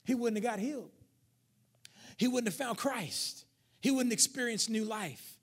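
A male pastor preaching a sermon in church, emphatic, joking with the congregation, swinging between shouting and near-whisper. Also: extremely high pitch, unhurried, breathy edge.

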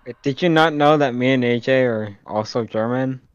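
A man's voice: mid-range voice, normal speed, muffled recording, a little hiss or hum. A young man chatting casually and rambling during a movie commentary with friends. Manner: rambling, hesitant storytelling. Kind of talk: casual joking chat.

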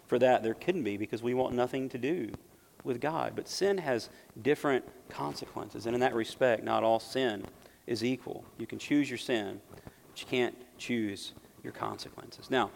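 A pastor delivers an emphatic sermon in a gravelly, mid-pitched man's voice. He swings from loud, driving bursts to hushed asides. His words ring out with a long hall reverb in a church sanctuary.

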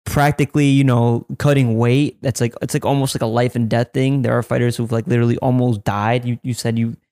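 A man's voice: mid-range voice, little pitch movement, a little fast, mellow, dry recording, studio quality. A man hosting a casual podcast chat, agreeable and profane, asking loose questions.

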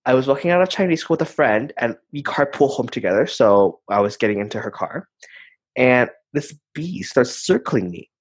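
A young adult chatting casually with a lively, swooping delivery that rises and falls a lot. The voice has a husky edge, and the talk is full of fillers and quick restarts. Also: mid-range voice. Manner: animated storyteller, many fillers. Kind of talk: casual chat.

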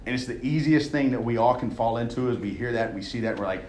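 A man's voice: mid-range voice, fairly even intonation, fast talker, a little mellow, a little hiss or hum. A young man, a coach, giving an emphatic, conversational sermon and checking in often with his listeners. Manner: emphatic, conversational preaching with frequent "all right?" check-ins. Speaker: coach leading a devotional. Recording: echoey room.

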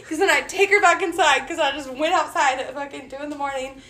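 High pitched cali girl telling a crazy story, cussing and cracking up. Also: quick pace. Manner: profane, laughing, animated storytelling. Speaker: podcast co-host. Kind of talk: casual storytelling chat.

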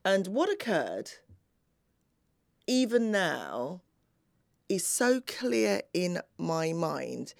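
A middle-aged woman telling a personal story in a slow, deliberate, dramatic way, with long pauses. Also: fairly low pitch, very animated, gravelly, no room sound, clean studio sound.

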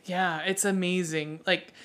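A woman's voice: fairly low pitch, steady tone, measured pace, fairly bright tone. A woman co-hosting a podcast in casual chat, swearing freely and gushing enthusiastically as she rambles. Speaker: podcast co-host.

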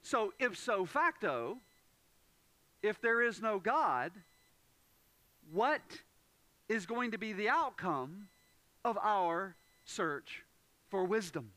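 A man delivers a sermon in a very high, bright voice that stays close and dry in the recording. He presses his points with emphasis, restating key phrases and rising to loud moments. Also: big pitch swings, slow pace, pauses often, dry recording. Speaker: pastor.

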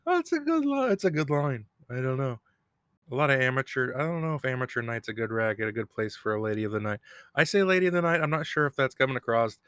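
A man with a medium-pitched, fairly bright, clear and resonant voice talks fast, recapping a TV episode alone as a podcast host. He rambles, jokes, and laughs at his own self-deprecating humor. The dry, studio-quality recording comes from a home recording room with a cat bell nearby.

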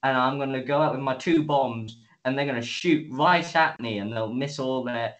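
A man's voice: mid-range voice, moderate pace, low-quality recording. A man co-hosting a podcast, casually retelling a show's episode with acted-out quotes and frequent swearing. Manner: animated retelling, acts out quotes, swears freely. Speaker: podcast co-host. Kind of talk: casual episode review chat.

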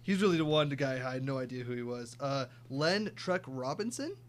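A man's voice: mid-range voice, lively intonation, brisk. A young man co-hosting a sports podcast, casually reeling off stats and teasing. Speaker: podcast co-host.

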